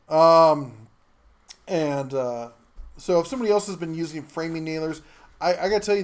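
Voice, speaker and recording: Halting, higher-voiced man hosting a tool stream. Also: a little mellow. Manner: rambling, halting, with many fillers and restarts. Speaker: host of a live tool show. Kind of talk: casual live-stream chat reading viewer comments.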